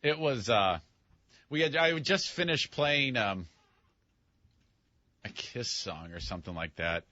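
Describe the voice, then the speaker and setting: A male radio host telling stories in animated, casual banter and acting out the people in them. His voice is bright and a little husky, and it sounds dull and lo-fi in a dry studio. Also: mid-range voice, slow, pauses often, no echo. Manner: animated storyteller, mimics others and himself.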